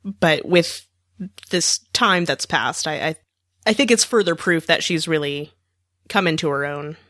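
A woman co-hosting a podcast, making measured, thoughtful remarks in casual chat. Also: deep voice, a bit bright, no room sound, clean studio sound. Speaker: podcast co-host.

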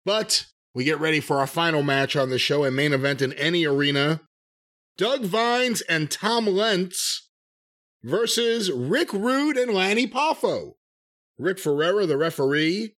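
A man's voice: on the high side, expressive, measured pace, a bit bright. A man co-hosting a wrestling podcast, chatting casually and joking with frequent laughs. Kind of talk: casual chat about wrestling.

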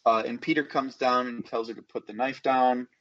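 A podcast co-host recapping a film, speaking haltingly with many pauses and fillers. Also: medium pitch, fairly even intonation, fairly bright tone, muffled recording. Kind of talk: casual movie recap chat.

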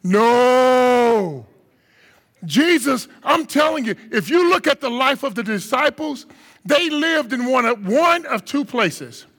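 High-pitched animated preacher man in a reverberant hall. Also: measured pace. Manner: animated preaching, acts out voices of disciples with sudden high shouts. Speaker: guest speaker. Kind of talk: sermon.

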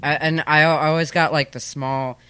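Interview guest, man in his 30s, smooth clear voice, dry close studio sound, rambling self-deprecating chat. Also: on the high side, steady tone, normal speed, bright, forceful tone, no echo. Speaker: guest, comedic performer. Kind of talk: casual conversational interview. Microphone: studio microphone.

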